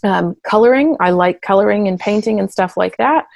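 A woman therapist explaining things in conversational interview talk, and at times acting out quick voices. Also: mid-range voice, gravelly, darkish tone, dry recording. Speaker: therapist and parent coach.

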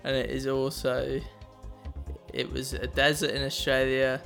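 Young bloke cracking jokes and swearing while he guesses quiz answers, mid-pitch, sharp bright voice. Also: monotone, a little slow, vocal fry, faint music behind. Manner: joking, swears casually. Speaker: podcast co-host answering quiz questions. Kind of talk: casual banter.

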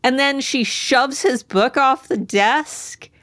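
A woman's voice: high-pitched, slow pace, fairly bright tone. A woman co-hosting a book podcast who recaps the chapters in a chatty, rambling, amused way. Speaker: podcast co-host.

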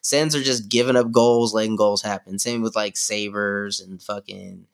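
A man's voice: lowish voice, fairly even intonation, moderate pace, gravelly, smooth. A man co-hosting a sports podcast, talking loosely and profanely with lots of slang and fillers. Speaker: podcast co-host. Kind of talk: casual sports chat.

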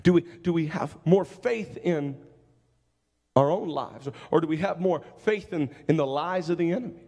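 A man's voice: on the high side, moderate pace, darkish tone, long reverb tail. A man preaching a sermon in a church, asking searching, pleading questions and repeating his first words as he moves into an altar-call prayer. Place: church sanctuary with congregation.

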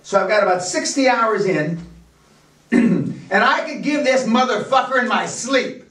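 A man's voice: very high-pitched, measured pace, fairly bright tone. An older American man giving a blunt, profane motivational seminar talk to a room. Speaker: seminar speaker. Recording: echoey room, speaker far from mic.

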